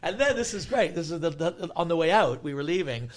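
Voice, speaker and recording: A man's voice: on the high side, fairly quick. A man guesting on a comedy podcast, telling rambling comic stories with many restarts and acting out the people in them. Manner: excitable, restarts sentences, acts out the people in his stories.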